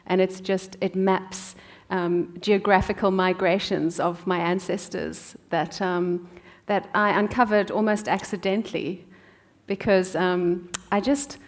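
A woman's voice: medium pitch, steady tone. Chatty South African-born woman author. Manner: warm storytelling with frequent "um" pauses. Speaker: author and guest. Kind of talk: conversational interview answers.

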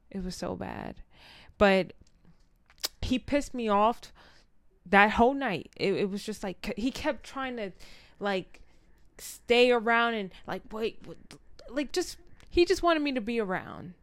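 A woman with a medium-pitched voice tells a personal story casually and candidly, animatedly acting out what people said along the way. She speaks slowly and pauses often, recorded with clean studio sound and no echo.

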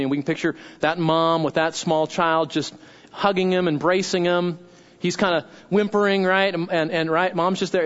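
A man with a high-pitched voice preaches a sermon in a loose, chatty way, checking in with "right?" and repeating himself as he builds a point. The recording sounds dull and lo-fi. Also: steady tone, normal speed, fairly bright tone. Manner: repeats phrases and restarts mid-sentence. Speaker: pastor.

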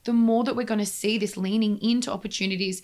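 A woman speaking earnestly in a conversational interview, emphatic and quickening when she drives a point home. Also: mid-range voice, fairly even intonation, a little mellow.

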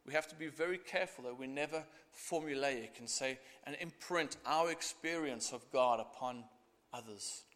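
A middle-aged man preaching a sermon, earnest and expressive, acting out the scripture as he goes. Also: mid-range voice, normal speed. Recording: echoey hall.

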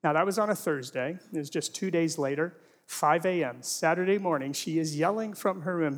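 A man's voice: on the high side, a little fast. A middle-aged man giving a humorous teaching presentation to a live audience, full of rhetorical questions and jokey asides. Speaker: Christian apologetics speaker. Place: large hall before a live audience. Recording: long reverb of a large hall.

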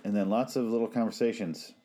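A man's voice: on the low side, fairly even intonation, fast, dark tone. A man giving casual, sarcastic and profane watch-along commentary on a TV show.

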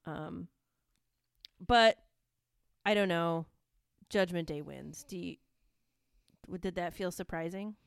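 A woman's voice: lowish voice, slow, creaky, pauses often, clear, resonant tone, dry recording, studio quality. A woman co-hosting a podcast, chatting casually and enthusiastically about wrestling with lots of fillers. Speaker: podcast co-host. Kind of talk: casual chat recapping wrestling.

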